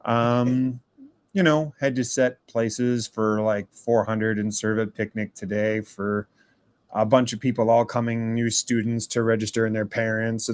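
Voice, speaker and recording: A man's voice: fairly low pitch, flat delivery, a little slow, dry recording, clean studio sound. A man leaving a rambling, casual voice message for a podcast, tagging "eh" onto his sentences. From Minnesota, USA. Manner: rambling, ends sentences with a questioning "eh".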